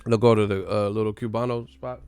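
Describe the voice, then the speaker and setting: A man's voice: on the low side, fairly even intonation, brisk, a little mellow, smooth, no echo, faint music behind. A man hosting a boxing live stream in a casual, profane, joking rant full of slang.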